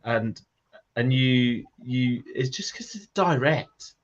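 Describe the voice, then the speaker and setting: A man's voice: medium pitch, expressive, takes it slowly. Jokey guy rambling in casual chat, bit of swearing, dull lo-fi sound. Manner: rambling, profane, jokey asides. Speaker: podcast co-host. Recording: dull lo-fi audio.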